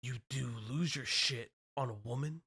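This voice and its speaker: A man reading out an angry message in a put-on low, muttering voice as an anonymous male troll. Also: moderate pace, pushed and bright, slightly rough. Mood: menacing.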